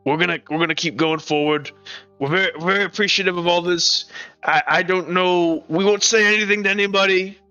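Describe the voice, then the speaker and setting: A man's voice: high-pitched, steady tone, sharp tone, clean tone. A man voicing a weary, bitter older man who stammers as he speaks, in a tabletop game. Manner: halting, stammering. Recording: dull stream audio with faint music.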